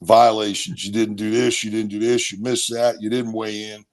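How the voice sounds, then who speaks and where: A man in his sixties from Maryland, a former football player telling lively, punchy anecdotes as a guest. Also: lowish voice, normal speed. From Maryland, USA. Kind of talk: animated storytelling.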